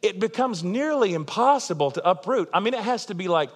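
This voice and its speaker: A male pastor preaching with earnest, emphatic conviction, his voice sitting a little higher than most men's. He keeps it conversational and checks in with the listeners as he goes. The sound rings with the long reverb of a large hall. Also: expressive, a little fast. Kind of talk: sermon.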